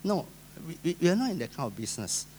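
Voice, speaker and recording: A male pastor with a Singaporean accent delivers an emphatic sermon in a somewhat higher voice. He swings between loud, stressed lines and quiet asides, and acts out the people he quotes. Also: sing-song, quick pace, slight background noise. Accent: Singaporean English.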